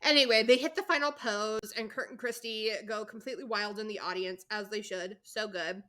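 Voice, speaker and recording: A woman with a bright, clear tone talks through a TV episode for her podcast. Her chat is casual and candid, often exasperated, with the odd swear word and laugh, and her pitch sits in an average range. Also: a little fast. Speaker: podcast co-host recapping episodes.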